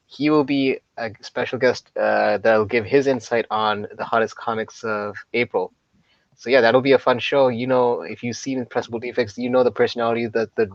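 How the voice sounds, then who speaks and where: A man's voice: medium pitch, no echo. Nasal, congested man on a dull mic. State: congested from allergies. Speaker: co-host. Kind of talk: casual live-stream chat. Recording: dull, dry sound.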